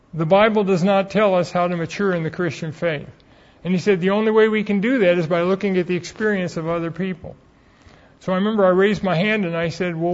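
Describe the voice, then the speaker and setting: Guy with a kinda high voice lecturing on theology, earnest, dull lo-fi audio. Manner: earnest, explanatory, recounts personal stories. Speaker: Bible teacher. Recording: dull lo-fi recording.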